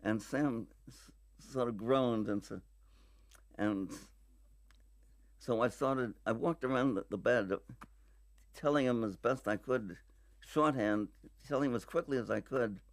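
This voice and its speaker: A man tells a story slowly, in short bursts broken by long pauses. The sound is close and dry, with no room echo. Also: medium pitch. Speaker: screenwriter interviewee. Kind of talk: archive interview anecdote.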